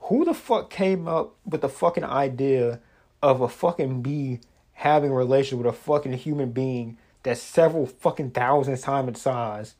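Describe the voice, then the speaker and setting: A man delivering a foul-mouthed, comedic monologue in a mid-range voice. He rambles, loses his thread and starts over, swearing in nearly every sentence. He jumps from loud, animated bursts to low, muttered asides. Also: normal speed. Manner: rambling, swears constantly, trails off and restarts. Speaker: online content creator. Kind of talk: casual profane comedic rant.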